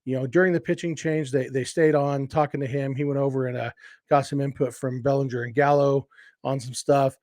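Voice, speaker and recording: A man's voice: mid-range voice, steady tone, a little fast, darkish tone, no room sound, clean studio sound. A man hosting a casual solo sports podcast, talking enthusiastically in a rambling way with restarts and asides. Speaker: podcast host.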